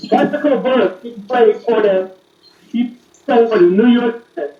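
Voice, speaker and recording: High-voiced man on a distant, dull call. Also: a little slow, slight background noise. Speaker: police officer guest. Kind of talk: casual interview talk. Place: remote call from elsewhere. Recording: roomy, distant, dull remote audio.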